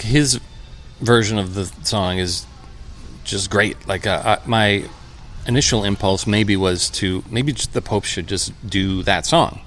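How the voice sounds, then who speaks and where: A man in his fifties, a musician guest, talking in a relaxed, reflective way with many pauses and fillers, in a brewpub. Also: lowish voice, slight background noise. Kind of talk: relaxed conversational interview. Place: brewpub restaurant.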